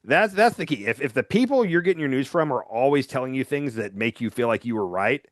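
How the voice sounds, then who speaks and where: Animated man on a political podcast. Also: medium pitch, no room sound, studio quality. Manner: animated, quick to act out quotes. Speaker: podcast co-host. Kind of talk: casual political chat.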